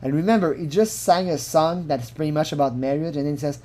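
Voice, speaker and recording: Low-voiced woman giving blunt, casual commentary. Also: quick pace, mellow. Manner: casual and blunt, swears often, says "like" a lot. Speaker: commentator analysing a recorded phone call.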